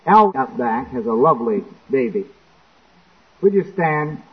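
A man preaching a sermon in church, acting out quotes and breaking into sudden shouts. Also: mid-range voice, sing-song, a little slow, slight background noise. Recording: tinny lo-fi phone-like recording.

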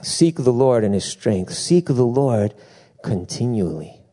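A middle-aged man preaching a sermon, telling lively stories with asides and bursts of laughter. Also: medium pitch, a little slow. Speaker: pastor.

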